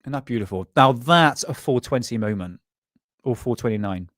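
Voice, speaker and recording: Lively intonation and a fairly bright, medium-pitched voice at normal speed mark this English host of a live UFO show, in a dry, clean studio recording. He loosely chats with viewers, laughing, rambling and reacting to clips.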